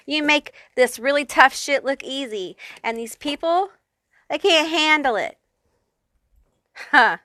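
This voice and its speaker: A woman's voice: on the high side, pushed and bright, no echo, studio quality. A woman giving a pick-a-card tarot reading, talking straight to the viewer in a blunt, profane, fired-up way. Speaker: tarot reader.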